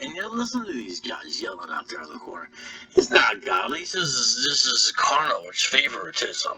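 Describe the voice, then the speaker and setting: Animated man reacting live, laughing often. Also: mid-range voice, normal speed, distant mic, rough recording. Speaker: streamer reacting to a video.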